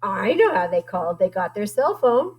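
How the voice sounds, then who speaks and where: A woman music teacher leading young children, sing-song and animated, singing lines for them to echo in her classroom. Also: mid-range voice, moderate pace, dull audio, slight background noise.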